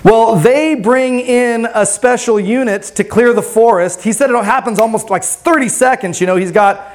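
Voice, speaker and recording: Speaking at a normal speed, a fairly high-voiced man preaches to his congregation, sharing a story in a relaxed, conversational manner. He frequently tosses in "right?" instead of sounding formal.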